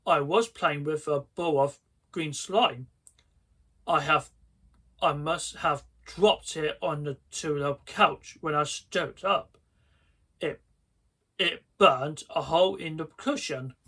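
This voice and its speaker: A man's voice: on the high side, takes it slowly, sharp tone, breathy edge, exaggerated voice. A man voicing a panicky preteen girl who trips over her words, read aloud from a storybook. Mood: flustered.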